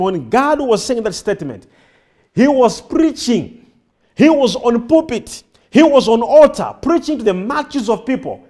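A man's voice: very high voice, a little mellow. A man preaching a sermon to a congregation, repeating his phrases and firing questions back at the crowd. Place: church before a congregation.

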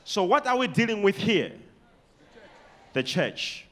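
A very animated Malawian preacher delivers a sermon in a bright, forceful, high-sitting voice that swings widely in pitch and loudness. He reads scripture slowly, having the congregation repeat and underline key words.

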